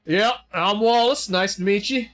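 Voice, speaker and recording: A man's voice: high voice, normal speed, a bit bright, soft background music, voice pushed up. A man voicing a sleazy, scheming male colonial governor with a stammering, wavering attempt at a British accent that slips toward Australian. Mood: pushy.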